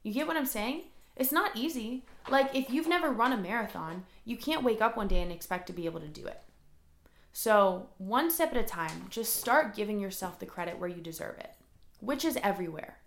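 A woman's voice: medium pitch, lively intonation, fairly quick, a bit bright, echoey room, slight background noise. Young woman, solo podcast host, earnest and a bit emotional, loose casual chatter. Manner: earnest and emotional, says "like" often.

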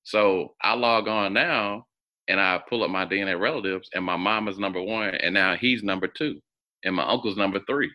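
A man telling a personal story as a guest in an interview, acting out the voices of others with sudden jumps in pitch. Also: normal speed, dull audio. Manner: animated, acts out quoted voices with big pitch jumps.

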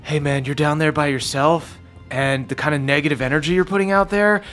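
A man's voice: on the high side, fairly even intonation, a little fast, fairly bright tone, soft background music, lightly acted. A man voicing a laid-back, smug male bear prince who drawls in casual slang, in a tabletop game.

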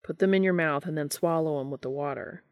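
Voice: mid-range voice, quick pace, dry recording, highs cut off, natural voice. A reader voicing a cocky adult man who talks casually and teases, in a fan fiction audiobook reading. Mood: teasing. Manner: casual and teasing. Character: cocky, joking adult male hunter.

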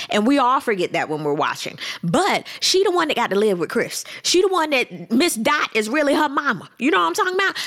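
Sassy, animated woman recapping reality TV. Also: a little high. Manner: sassy, animated, addresses viewers as girl and honey. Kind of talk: casual commentary to camera.

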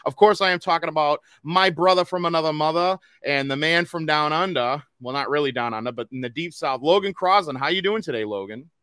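A man's voice: a little high, fairly quick, few pauses, a bit bright, smooth, no room sound, clean studio sound. A man with a Boston accent hosting a casual podcast, rambling through fillers and restarted sentences. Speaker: podcast host.

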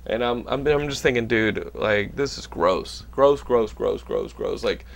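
A man's voice: mid-range voice, unhurried, creaky. A young man hosting a casual chat, telling stories with lots of swearing and animation. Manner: animated storyteller, swears a lot. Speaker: podcast host.

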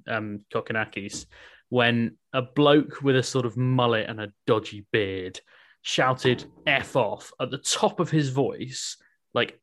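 A man's voice: medium pitch, fairly bright tone. Chatty man hosting a podcast. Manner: wry, chatty, laughs often. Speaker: podcast host. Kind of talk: casual chat.

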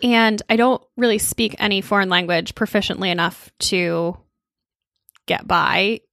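A woman co-hosting a podcast, talking in a loose, wry way and musing out loud with lots of "like" and "you know." Her voice sits in a middle range, recorded close and dry with no room sound. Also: medium pitch, measured pace, vocal fry, dry recording. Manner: chatty, wry, thinks aloud with fillers. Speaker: podcast co-host. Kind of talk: casual chat.

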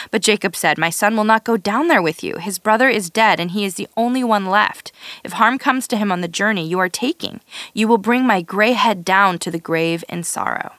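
A woman reading scripture aloud in a steady, measured way, now and then stumbling and restarting a word. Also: medium pitch, dry recording, clean studio sound. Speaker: scripture reader.

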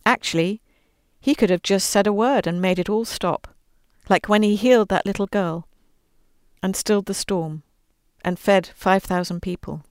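A woman talks with earnest warmth, then reads a storybook aloud, lending its quoted lines their own voice. Her tone is smooth and resonant. The recording is dry and close, with no room sound. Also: medium pitch, moderate pace, dry recording. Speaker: guest author reading her book. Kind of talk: conversational interview, then storybook read-aloud.

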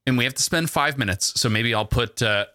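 Bright-voiced man, podcast co-host. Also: mid-range voice, a little fast, dry recording, studio quality. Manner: rambling, jokey. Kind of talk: casual chat. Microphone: single mono microphone.

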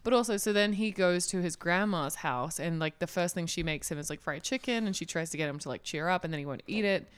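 Woman, low smooth voice, chatty podcast co-host. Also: no room sound. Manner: chatty, quick asides, laughs often. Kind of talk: casual chat about films.

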